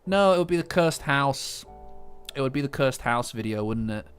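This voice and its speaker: A man's voice: mid-range voice, animated, moderate pace, clean tone, faint music behind. A man hosting a live stream, chatting casually and teasing his viewers. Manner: playful, bantering with chat.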